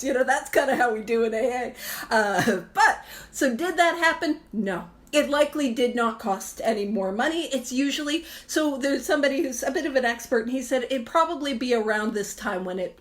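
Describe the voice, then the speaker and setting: A woman in her thirties hosting a recovery book study, talking casually, laughing often and poking fun at herself. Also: high voice. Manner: chatty, self-mocking, laughs often. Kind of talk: casual teaching talk.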